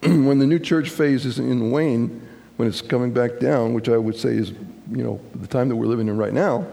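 Gravelly-voiced pastor preaching in a reverberant hall. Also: male voice, medium pitch, dark tone. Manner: folksy, halting, with many fillers and restarts. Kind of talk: sermon. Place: church sanctuary. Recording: long church hall reverb with congregation.

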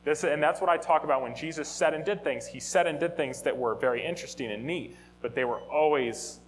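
A man teaching a Bible lesson in a conversational, animated way, often restarting and correcting himself. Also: on the high side, a little fast, a little hiss or hum, poor audio. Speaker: teacher of a Bible study or sermon. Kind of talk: informal teaching talk.

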